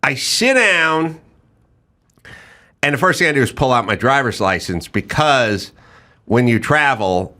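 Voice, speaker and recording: A man's voice: mid-range voice, a little slow, pauses often. A middle-aged man hosting a podcast, telling stories in a casual chat and acting out what other people said. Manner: animated storyteller acting out other people's lines. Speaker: podcast host.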